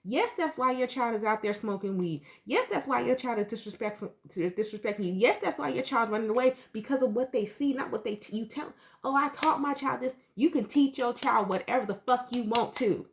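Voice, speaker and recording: A woman's voice: a little high, expressive, fairly quick, few pauses. A woman in her thirties, a tarot reader talking straight to her viewers in a blunt, emphatic, profane way. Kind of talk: candid storytelling to viewers.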